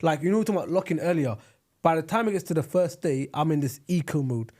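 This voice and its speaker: Quick-talking young London man, lightly high. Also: expressive, a little mellow. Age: young adult. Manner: quick, joking, often restarts and repeats himself. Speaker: podcast host. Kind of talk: casual chat.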